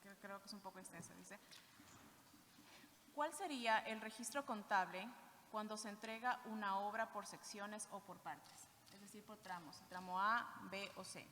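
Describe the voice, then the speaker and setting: Bright-voiced woman moderator in a hall. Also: mid-range voice. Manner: measured, reading aloud. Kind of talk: reading audience questions. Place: conference hall. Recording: reverberant hall with faint noise.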